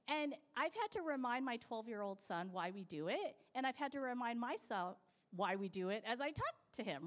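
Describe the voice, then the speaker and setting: Woman, 30s–40s, conversational church testimony, slightly high voice, tag questions. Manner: conversational, often adds "right?". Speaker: church speaker sharing a testimony. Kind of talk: personal testimony to a congregation.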